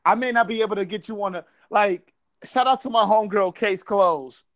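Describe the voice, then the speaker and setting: A man's voice: high-pitched, brisk, fairly bright tone. A man from Buffalo telling a casual story, swearing freely and acting out quotes. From Buffalo, New York.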